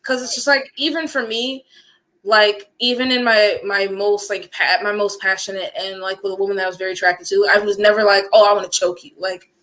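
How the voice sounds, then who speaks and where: A woman's voice: mid-range voice, steady tone, fairly quick, a bit bright, poor audio. A woman guest on a podcast, speaking emphatically and outspokenly in casual chat.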